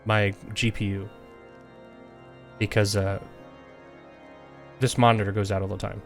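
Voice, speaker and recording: A man's voice: on the low side, little pitch movement, unhurried, faint music behind. A young man streaming a game, talking casually and rambling as he jokes about the story and mocks the characters' lines. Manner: rambling, joking, mocking imitations of characters. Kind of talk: casual gameplay commentary.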